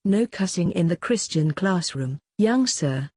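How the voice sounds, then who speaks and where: A woman's voice: lowish voice, animated, a little slow, mellow, breathy edge, no room sound, clean studio sound. A woman reading an old bald strict teacher. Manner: cheerful, strict. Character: old bald male math teacher, cheerful but strict.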